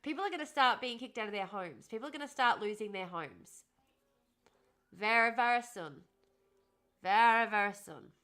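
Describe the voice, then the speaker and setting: A woman's voice: on the high side, normal speed, pauses often, pushed and bright. A woman hosting a casual livestream, chatting with her viewers and answering them with frequent laughs and sarcastic asides. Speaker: livestream host reading chat.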